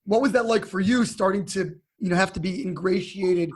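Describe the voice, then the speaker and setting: A man's voice: sits high, normal speed, breathy edge. A man hosting a podcast, asking curious, conversational questions of his guest. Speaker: podcast host. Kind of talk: interviewing.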